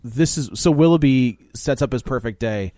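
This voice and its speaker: A man's voice: medium pitch, moderate pace, warm tone, dry recording, clean studio sound. Laughing man retelling movie scenes. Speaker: podcast co-host. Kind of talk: casual movie discussion.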